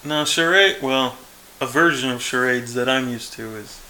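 A man co-hosting a podcast in casual chat, wry and jokey, quick to laugh. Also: mid-range voice, a crowd in the background, low-quality recording. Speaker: podcast co-host.

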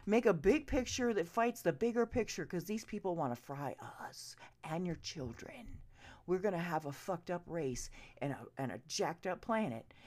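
A woman ranting straight to her viewers, profane and urgent, now and then dropping to a hushed whisper. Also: mid-range voice. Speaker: vlogger. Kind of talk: impassioned direct-to-camera rant.

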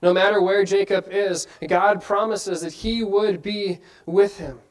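High-voiced man preaching a sermon. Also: steady tone, unhurried, low-quality recording. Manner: earnest, asks many rhetorical questions.

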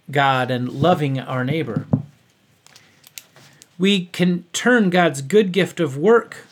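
A man preaches an earnest sermon in a fairly high voice. He reads from his notes and drops in the odd offhand aside. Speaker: pastor.

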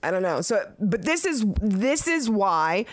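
A woman's voice: mid-range voice, very animated, unhurried. A woman in her late thirties giving casual commentary as a vlogger, blunt and profane, often breaking into laughter between remarks. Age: late 30s.

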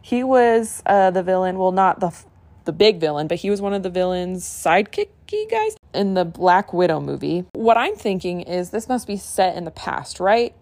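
A young woman hosting a casual solo podcast, gushing and excitable, often restarting her sentences. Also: on the low side, moderate pace, dry recording. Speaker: podcast host.

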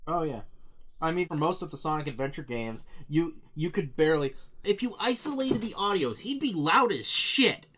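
A man's voice: on the high side, expressive, normal speed, fairly bright tone. A young man co-hosting a podcast, chatting casually and opinionated, swearing freely. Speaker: podcast co-host. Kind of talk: casual chat.

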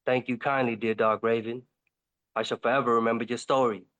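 A man's voice: mid-range voice, little pitch movement, fairly quick, a bit bright, dull audio, pitched below the performer's own voice, close to an everyday voice. A man voicing a lonely, hungry male wolf who pleads and wheedles. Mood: wheedling.

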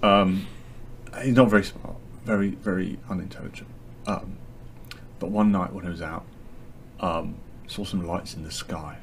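A man telling a lively anecdote as a podcast guest, acting out his friends' lines. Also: low voice, moderate pace, vocal fry, pauses often, a little hiss or hum. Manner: animated storyteller, acts out friends' lines.

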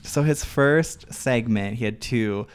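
A man co-hosting a casual podcast, chatting and retelling a talk show segment with lively quoted lines. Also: medium pitch, takes it slowly, clear, resonant tone. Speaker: podcast co-host.

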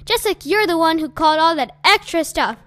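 A woman's voice: very high-pitched, lively intonation, brisk, a bit bright, dry recording. A woman reading an audiobook, voicing a teenage boy who rages and accuses his friend. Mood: furious. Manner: raging, accusing, sputtering.

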